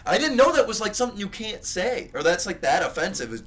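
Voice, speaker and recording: Young male podcast co-host, slightly high voice, very lively pitch, swears freely, tells rambling stories. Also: fast. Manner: profane rambling storytelling, loud bursts. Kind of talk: casual chat.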